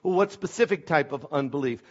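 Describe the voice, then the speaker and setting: A pastor preaches a little fast in a church sanctuary, his voice slightly high for a man, swinging between loud stresses on key words and quiet asides. The audio sounds dull and lo-fi, missing its high end.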